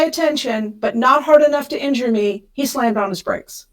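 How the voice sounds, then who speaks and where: Podcast guest, woman, middle-aged, slightly high pitch, emotional storyteller. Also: normal speed. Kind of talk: storytelling interview.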